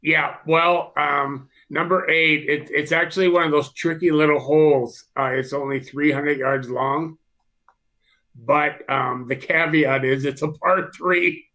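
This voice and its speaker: A man with a fairly high, bright voice teases his co-host in a relaxed live chat. He breaks into laughter often and ribs the other host without letting up. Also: unhurried. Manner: teasing, laughing easily.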